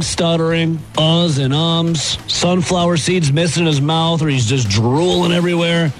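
A man's voice: fairly high pitch, rough recording. A man in a sports radio promo, gloating gleefully and hyping up his team. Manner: gleeful, hyped-up.

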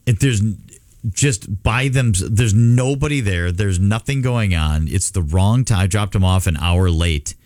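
A man's voice: fairly low pitch, measured pace, a little mellow, no room sound, clean studio sound. A man co-hosting a radio show, telling a story in earnest, self-reproaching casual chat. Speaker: radio co-host.

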